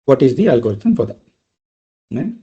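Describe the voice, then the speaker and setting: A man's voice: mid-range voice, sing-song, moderate pace, dark tone. Man teaching, dull lo-fi sound. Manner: explains step by step with frequent "right?" checks. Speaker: trainer. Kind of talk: live technical lecture.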